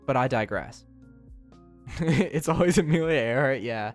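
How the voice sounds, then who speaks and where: A young man streaming and chatting casually with his live chat, teasing and often breaking into high, squealing laughs. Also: lively intonation, slow, vocal fry, pauses often, soft background music.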